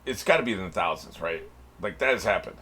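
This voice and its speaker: A man gives loose, casual commentary while reacting to an anime episode. His voice sits low and a little husky but has a bright, forceful edge, and his pitch swings widely. He laughs often and swears without a second thought. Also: lively intonation, fast. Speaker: reaction channel host.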